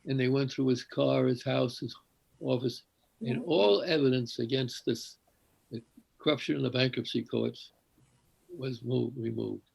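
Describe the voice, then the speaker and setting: Gravelly older man, rambling story. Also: medium pitch, steady tone, a little slow, a little mellow, poor audio. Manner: meandering, many fillers and restarts. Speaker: congregation member sharing. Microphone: video call.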